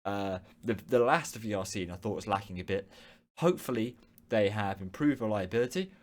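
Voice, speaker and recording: Young male host from the UK, fairly low voice, chatty and rambling, answering viewers live. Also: lively intonation, fairly quick. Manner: rambling, frequent ums and restarts. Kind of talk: casual live-stream chat.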